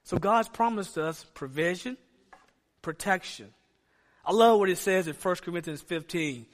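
Pastor guy with a really high voice preaching hard, lots of "you know why?" to the crowd, long hall echo on it. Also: expressive, measured pace. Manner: emphatic preaching, rhetorical questions to the congregation. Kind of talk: sermon.

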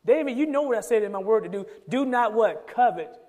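Guy preaching a sermon, kinda high voice, big echoey church sound, gets loud and pleading. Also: expressive, brisk. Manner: preaching, reads scripture aloud and rises into emphatic pleading. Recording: long hall reverb.

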